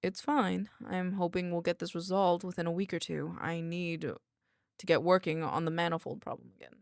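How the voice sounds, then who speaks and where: A woman voicing a stern young woman researcher held in containment, speaking curtly and formally in a deepened voice. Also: fairly even intonation, vocal fry, dry recording, clean studio sound. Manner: curt, formal, deliberately deeper voice.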